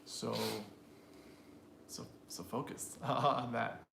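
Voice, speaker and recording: A man's voice: mid-range voice, steady tone, extremely slow, gravelly, fairly bright tone. Man, English teacher, upbeat, roomy echo, faint hiss. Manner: upbeat, explains and drills sentences aloud. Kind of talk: live-streamed pronunciation lesson.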